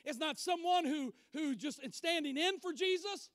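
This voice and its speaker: A male preacher with a strikingly high voice delivers a sermon. He is emphatic, rising to loud declarations and falling to quiet asides. The sound is dry and close, with no room echo. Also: moderate pace.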